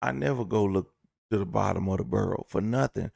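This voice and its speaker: A man's voice: lowish voice, brisk, vocal fry, a little mellow, no echo, clean studio sound. A man giving a casual, profane, joking storytime rant to his viewers, rambling and acting out bits of dialogue. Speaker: vlogger.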